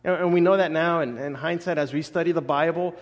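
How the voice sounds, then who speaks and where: A man in his thirties preaching a sermon, telling stories with lively acted-out quotes. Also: a little high, fast talker, long reverb tail. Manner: animated storytelling, acts out quotes. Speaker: pastor.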